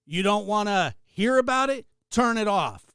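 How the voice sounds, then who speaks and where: A man's voice: sits high, expressive, moderate pace, fairly bright tone, smooth, no room sound, clean studio sound. A man hosting a livestream, ranting heatedly and sarcastically while greeting viewers in chat. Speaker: livestream host. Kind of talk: ranting livestream talk with chat shout-outs.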